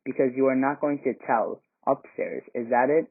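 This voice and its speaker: A man's voice: medium pitch, steady tone, moderate pace, breathy edge. A man reading as a haughty, taunting girl. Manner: taunting, cold questions. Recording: tinny phone-like sound.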